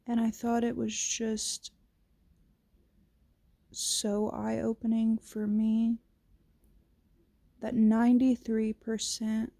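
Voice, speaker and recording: A woman's voice: fairly high pitch, warm tone, dry recording. A woman vlogging casually to camera, reflective and candid, with a fresh-from-sleep morning voice. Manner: slow, reflective, casual with swearing.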